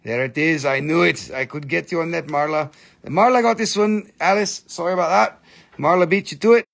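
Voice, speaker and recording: A man hosting a live crystal sale, chatty and excitable, with crude jokes and non-native phrasing. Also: on the high side, fairly quick, gravelly. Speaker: live-stream crystal seller. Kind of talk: casual live sales chat.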